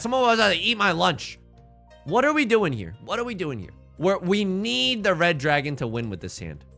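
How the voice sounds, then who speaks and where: A man's voice: a little high, creaky, bright, forceful tone. A man streaming a game live, rambling and joking with his chat between plays. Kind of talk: live-stream gameplay commentary.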